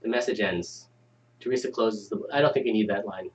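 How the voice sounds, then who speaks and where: A man's voice: lowish voice, brisk, far from the mic, poor audio. Man hosting a script review, off-mic. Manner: animated, reads stage directions aloud. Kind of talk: casual chat and script reading.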